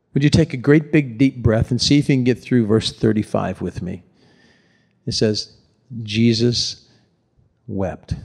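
A man's voice: a little high, gravelly. An older man, a pastor, preaching a sermon in a conversational, tender way that sinks to near-whispers at emotional moments.

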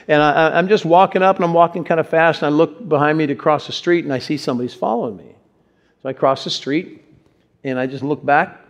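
A male pastor giving a sermon, telling stories in an animated way and putting questions to his congregation. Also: medium pitch, lo-fi sound. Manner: animated storyteller, acts out quotes, asks the audience questions. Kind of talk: sermon with personal storytelling.

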